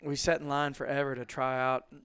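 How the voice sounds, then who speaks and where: A man telling stories casually as a guest, acting out quotes in lively bursts. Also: a little fast, clean tone, no room sound. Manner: animated, acts out quotes with big jumps in pitch. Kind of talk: casual storytelling.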